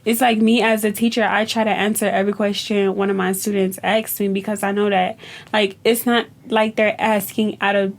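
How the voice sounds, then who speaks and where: A woman's voice: mid-range voice, flat delivery, normal speed, creaky. A woman co-hosting a podcast in casual chat, telling stories and acting out her students' lines. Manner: storytelling, acts out quotes from her students. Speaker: podcast co-host, teacher.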